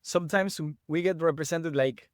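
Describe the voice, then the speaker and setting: A man with an Argentinian Spanish accent chats on a podcast, his English halting as he hunts for words. His voice sits a little high and comes across smooth and clean. The sound is dry and close. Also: dry recording. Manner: halting, searching for words in a second language. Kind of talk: casual chat.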